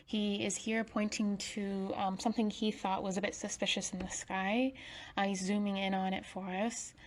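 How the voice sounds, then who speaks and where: A woman talks over footage in a relaxed, conversational voice-over, explaining what the viewer is seeing. Her pitch sits in an ordinary middle range. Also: moderate pace, slight background noise. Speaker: video narrator. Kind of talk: casual voice-over commentary.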